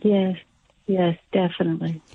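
A woman calling in to a radio show, speaking haltingly with many restarts. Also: on the low side, little pitch movement, gravelly, breathy edge, no echo. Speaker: caller. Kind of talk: phone call-in chat. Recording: tinny, dry phone line.

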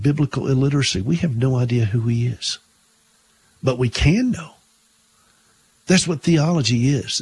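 A man's voice: medium pitch, darkish tone, slightly rough. A man hosting a Christian talk radio show, telling stories and preaching in an earnest way, often restarting his words.

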